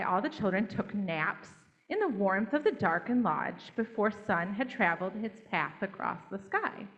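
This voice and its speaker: A woman telling a children's story at church in a gentle, interactive way, inviting the children to join in. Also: mid-range voice, muffled recording.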